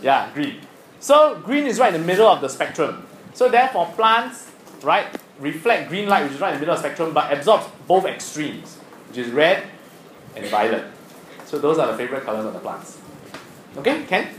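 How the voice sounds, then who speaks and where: A man's voice: on the high side, big pitch swings, moderate pace, fairly bright tone, reverberant, a little hiss or hum, poor audio. A man teaching science to a class, asking questions and teasing students. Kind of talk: classroom lesson.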